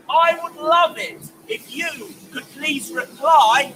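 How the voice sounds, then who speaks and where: A man performing as a poet on a city street, playful and exuberant, often shouting to draw the crowd into call-and-response. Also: extremely high pitch, lively intonation, slow pace, few pauses. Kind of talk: street performance poetry with audience participation. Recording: distant mic, crowd and street noise.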